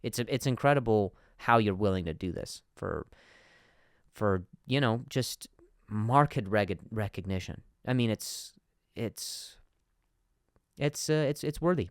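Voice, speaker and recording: A man's voice: fairly low pitch, dry recording, studio quality. A man hosting a comedy podcast, telling a bit with many restarts and repeated words, playing the people he describes. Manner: acts out quoted bosses and workers in shifting voices. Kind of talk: comedic monologue.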